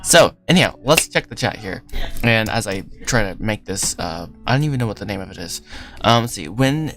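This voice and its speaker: Young man, fairly low voice, rambling casual livestream talk, desk mic, faint lofi music behind. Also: lively intonation, a little fast. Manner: rambling, self-interrupting, laughs often. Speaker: livestream host. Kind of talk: casual livestream chat while working.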